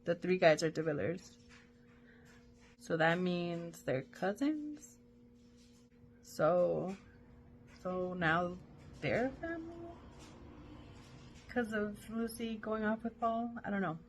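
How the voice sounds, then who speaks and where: A woman's voice: on the low side, slow, long pauses, a little hiss or hum. A woman hosting a book club, chatting casually and thinking aloud with enthusiasm.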